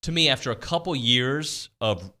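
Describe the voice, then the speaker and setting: A man co-hosting a relaxed sports talk show, his voice swinging up and down in a lively way. He jokes and banters loosely, often stumbling and restarting his sentences. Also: mid-range voice, moderate pace. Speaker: co-host. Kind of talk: casual sports chat.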